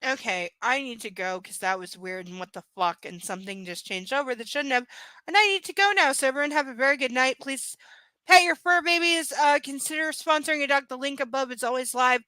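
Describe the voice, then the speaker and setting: Bright, high-voiced woman ranting profanely. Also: a little fast, dry recording, poor audio. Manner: profane, sarcastic, exasperated. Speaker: livestream book reader. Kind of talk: live reading with ranting commentary.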